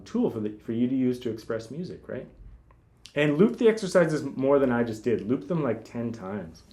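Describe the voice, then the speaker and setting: Relaxed man teaching guitar, lively voice. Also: mid-range voice. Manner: relaxed, talks while demonstrating, counts fingerings aloud. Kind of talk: casual spoken lesson. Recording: guitar playing in the background. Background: guitar music.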